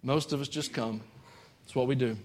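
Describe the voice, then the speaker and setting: A man preaching a sermon in a folksy way, rising to high exclamations. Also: fairly even intonation, normal speed, a little mellow.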